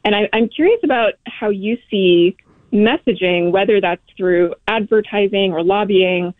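A woman's voice: medium pitch, measured pace, no room sound. A young woman calling in to a radio show, speaking earnestly and hesitantly with many fillers. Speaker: caller. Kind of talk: radio call-in question. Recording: tinny phone line.

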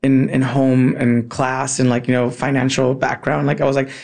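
California guy telling a story, gravelly voice, says like a lot, throws in spanish words, acts out the voices. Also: medium pitch, moderate pace. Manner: animated, acts out voices in his anecdotes, many "like" fillers; drops in Spanish words and phrases. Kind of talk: casual storytelling in a conversation.

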